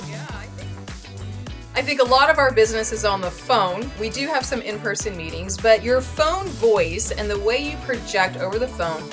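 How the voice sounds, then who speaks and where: A woman co-hosting a casual podcast for realtors, upbeat and conversational, quick to laugh. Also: a little high, animated, over music.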